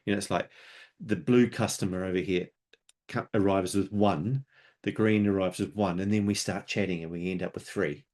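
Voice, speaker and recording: A man with a somewhat low voice presents an unscripted webinar. He talks conversationally and explains his points through homely analogies and little stories. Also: fairly even intonation, normal speed, a little mellow.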